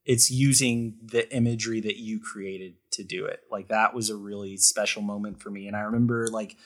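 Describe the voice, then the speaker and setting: A man's voice: on the low side, fairly even intonation, moderate pace, a bit bright. A man talking as a guest on a podcast in a loose, rambling way, full of fillers and restarts. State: choked up. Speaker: guest artist. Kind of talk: casual podcast chat.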